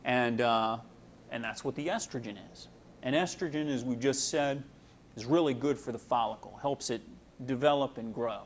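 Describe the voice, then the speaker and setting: A man's voice: medium pitch, normal speed, slight background noise. A man giving a casual medical lecture, folksy and full of fillers, explaining with homely analogies.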